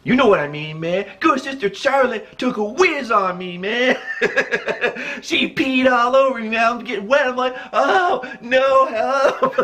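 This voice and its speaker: High-voiced man telling a story, chuckling. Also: normal speed. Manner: chuckles often while telling; animated, jokey delivery. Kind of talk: casual personal storytelling.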